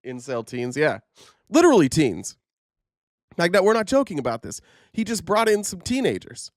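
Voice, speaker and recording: A man's voice: on the high side, wildly swooping pitch, normal speed, no echo, clean studio sound. Sarcastic man riffing on headlines. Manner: sarcastic, rambling, frequent fillers. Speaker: commentary host. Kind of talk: casual news commentary.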